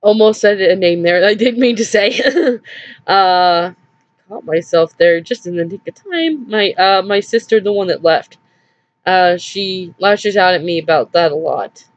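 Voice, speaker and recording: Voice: medium pitch, animated, measured pace, muffled recording. A vlogger telling a personal story in a rambling, hesitant way, with nervous little laughs, sounding upset and drained.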